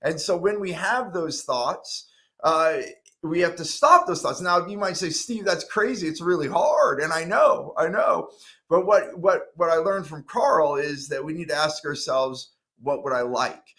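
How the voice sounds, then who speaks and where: A man's voice: on the high side, unhurried. A middle-aged man, a guest on a talk show, earnestly telling his own story and acting out what he once said to himself. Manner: earnest, animated, acts out his own past words. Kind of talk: interview storytelling.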